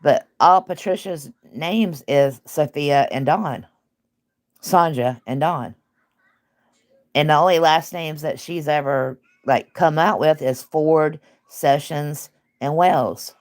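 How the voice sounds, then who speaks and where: A woman's voice: low-pitched, takes it slowly. A woman who hosts casual online commentary, talking bluntly and emphatically with laughs.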